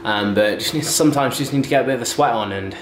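A man's voice: mid-range voice, fast. A young man, a fitness vlogger, chatting casually and rambling between sets in his home garage gym, often correcting himself. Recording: echoey garage with loud background noise.

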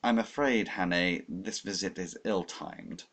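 A man voicing a stiff, formal older government official, a little above his own pitch. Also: measured pace, fairly bright tone, heavily acted.

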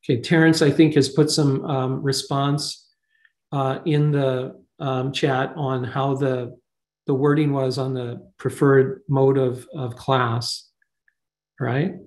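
A man's voice: medium pitch, level tone, slow. A man leading a staff meeting over a video call, thinking aloud with fillers. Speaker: meeting leader. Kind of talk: online staff meeting discussion.

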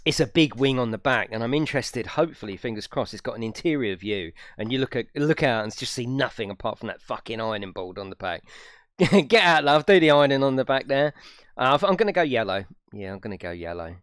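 This young gaming streamer from the United Kingdom has a lowish, fairly bright voice and talks fast and animatedly with few pauses. Chatting casually on his live stream, he swears freely and laughs a lot, in a dry recording.

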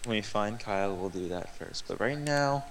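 A man's voice: lowish voice, expressive, moderate pace, slight background noise. A young man playing a game with a friend, joking crudely and swearing casually. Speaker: gamer. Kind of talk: casual co-op let's play banter.

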